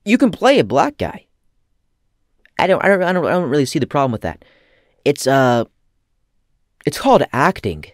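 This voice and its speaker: A man giving casual comedic commentary as a vlogger, rambling and profane with deadpan asides. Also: fairly high pitch, normal speed, long pauses, no room sound, clean studio sound.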